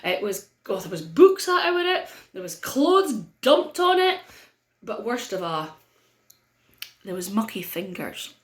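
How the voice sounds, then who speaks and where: A middle-aged woman with a North-East Scottish accent telling a story to children in a playful way, with dramatic pauses. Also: mid-range voice, big pitch swings, echoey room.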